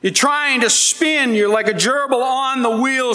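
High-pitched guy preaching, earnest, big echoey hall sound. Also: expressive, measured pace, bright, forceful tone. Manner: earnest, emphatic preaching with rising pleas. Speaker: pastor. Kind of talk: sermon. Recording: long hall reverb.

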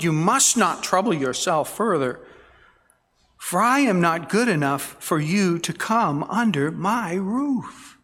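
A man's voice: on the high side, fairly bright tone, long reverb tail. A man preaching an expository sermon, reading scripture aloud and stressing key words earnestly. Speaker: pastor.

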